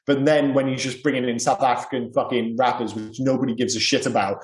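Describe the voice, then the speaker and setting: Guy on a film podcast, animated, swears a lot, laughs easily, echoey room. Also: mid-range voice, a little fast. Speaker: podcast co-host. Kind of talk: casual film podcast chat. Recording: roomy echo.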